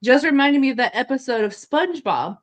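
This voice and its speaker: Playful, higher-voiced woman guest. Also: lively intonation, fairly quick. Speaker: guest artist. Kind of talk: casual chat.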